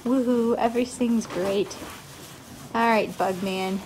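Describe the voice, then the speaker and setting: A woman's voice: fairly high pitch, animated, a little slow, background noise. Gushing young woman touring a barn. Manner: gushing, cooing baby talk to animals. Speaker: vlogger. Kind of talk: casual vlog tour. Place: horse barn, outdoors and in stalls.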